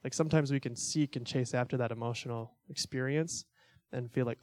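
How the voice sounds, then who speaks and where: A young man gives a relaxed church talk, loose and chatty, with fillers and small laughs scattered through. His voice sits at an ordinary middle pitch. The sound is close and dry, with no room around it. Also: a little fast, no echo. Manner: conversational, filler-heavy, self-deprecating laughs. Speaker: church teacher. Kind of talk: casual teaching talk.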